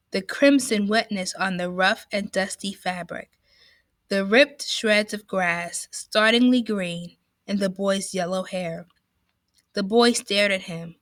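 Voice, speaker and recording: A woman reading a novel aloud in a slow, careful way, with a few small slips. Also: mid-range voice, a bit bright, no echo.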